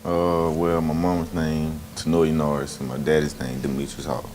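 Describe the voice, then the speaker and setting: A teenage boy with a very deep voice, giving short, laid-back answers as a guest on local TV. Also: little pitch movement, moderate pace, background noise. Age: teens. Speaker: student guest.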